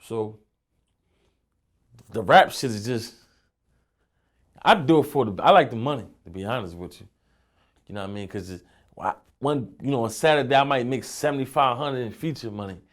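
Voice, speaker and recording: Animated yet moderately paced, the mid-range voice of this young Philly rapper is broken up by long pauses. In a casual interview he shares loose street stories thick with profanity and "you know what I'm saying."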